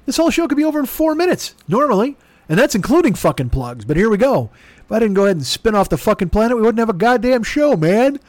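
Man, comedy podcast host, rambling, profane, self-mocking, fairly high voice, dry close mic. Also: big pitch swings, fairly quick, dry recording. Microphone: studio microphone.

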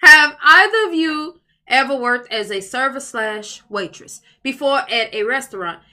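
A woman co-hosting a podcast in casual chat, easygoing and quick to laugh. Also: high-pitched, expressive, pushed and bright. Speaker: podcast co-host.

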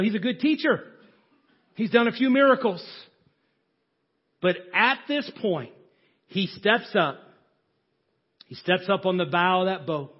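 A man preaching a sermon, swinging from shouting to hushed near-whispers. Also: high voice, breathy edge, highs cut off.

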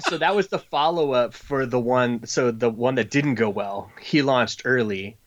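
Speaking at a moderate pace in a medium-pitched voice, this man is a comic book creator telling a rambling podcast story. He uses lots of fillers and imitates other people's voices, and the lo-fi recording is slightly dull.

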